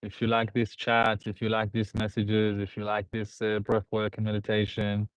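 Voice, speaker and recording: A man's voice: fairly low pitch, completely flat delivery, normal speed, clear, resonant tone, no room sound. A man hosting a live stream, rambling through viewer comments, laughing and repeating himself. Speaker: host. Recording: dull, dry lo-fi sound.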